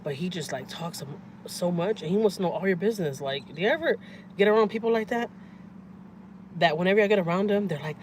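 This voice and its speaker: A woman, telling stories on a casual livestream in a blunt, profane, animated way. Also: lowish voice, fast talker, slight background noise. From Houston, Texas. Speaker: family vlogger. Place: in a truck with windows down. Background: vehicle and outdoor ambience.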